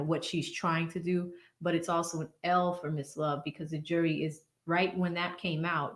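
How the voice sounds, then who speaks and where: A woman hosting a casual livestream from a home studio, chatting, laughing often and thanking viewers by name as she reads their messages. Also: sits low. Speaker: livestream host reading superchats. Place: home studio with blue backlight.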